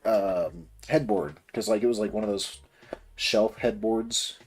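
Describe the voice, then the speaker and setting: A man's voice: fairly low pitch, measured pace. A man telling a long personal story in a rambling, casual way while building a model kit on a livestream. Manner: rambling, many fillers and restarts.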